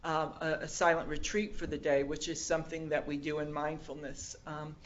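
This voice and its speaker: An older woman telling a personal story in a talk, lively and acting out the dialogue. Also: low-pitched, normal speed, muffled recording. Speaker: speaker.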